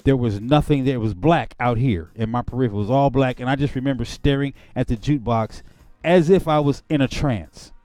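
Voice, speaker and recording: A man preaching and giving an emotional testimony. He swings between quiet reflection and angry outbursts. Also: mid-range voice, fairly quick, no room sound. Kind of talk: impassioned sermon-like testimony.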